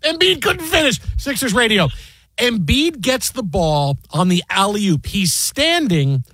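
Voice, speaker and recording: A man's voice: high-pitched, big pitch swings, a little slow, sharp tone, slightly rough, no room sound. A man hosting sports talk radio, exasperated and mocking, sometimes acting out the people he quotes.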